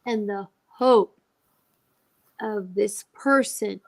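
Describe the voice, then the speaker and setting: A woman's voice: mid-range voice, very slow. A woman telling an emotional personal story as a guest, acting out the voices of the people she quotes. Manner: animated, acts out quoted dialogue.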